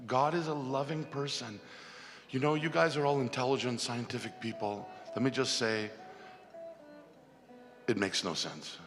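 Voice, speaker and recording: A man giving a heartfelt spiritual talk, telling a parable slowly and tearfully, with long pauses. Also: mid-range voice, fairly even intonation. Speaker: speaker at a devotional music festival. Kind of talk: emotional spiritual talk with a first-person parable. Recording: long hall reverb with music behind.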